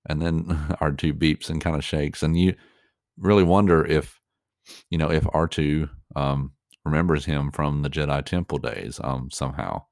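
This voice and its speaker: A man's voice: very deep voice, steady tone, moderate pace, darkish tone, no echo, clean studio sound. A man giving reaction commentary on a show, earnest and openly moved, rambling with many fillers and restarts.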